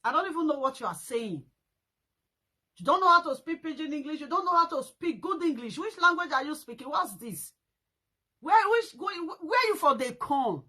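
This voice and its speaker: A woman with a high voice and a Nigerian accent hosts a casual live stream, loudly mocking things and laughing between exclamations.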